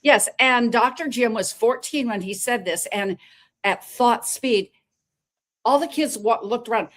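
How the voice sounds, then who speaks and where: A woman's voice: fairly high pitch, unhurried, fairly bright tone. Older woman, guest storyteller: emphatic and theatrical, stumbles and restarts often. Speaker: guest, health practitioner. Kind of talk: storytelling in a casual conversation.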